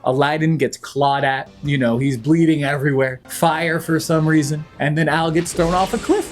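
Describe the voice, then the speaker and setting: A young man recaps an animated film with dry sarcasm and quick jokes, slipping into little character voices. His voice sits a bit high. Faint music plays underneath. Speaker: movie reviewer. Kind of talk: comedic movie recap.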